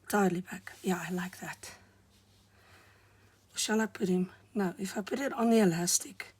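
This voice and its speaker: A craft vlogger with a husky, mid-range voice talks unhurriedly and softly while she works, often dropping to near-whispers and murmurs. Her voice sounds hoarse, as if still recovering, as she offers casual commentary on her crafting.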